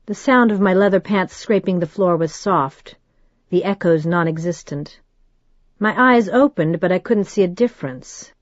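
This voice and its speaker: A woman narrates a first-person novel in a measured, steady way. Her voice sits on the lower side. The recording is dry with a slightly muffled, dull tone. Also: no echo. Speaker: audiobook narrator.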